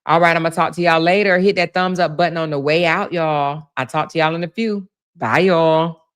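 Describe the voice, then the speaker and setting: A woman hosting a casual livestream, reading viewer comments aloud and laughing, teasing and swearing freely as she talks straight to her viewers. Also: fairly quick. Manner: animated, swinging between loud exclaims and low asides. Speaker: blogger and livestream host.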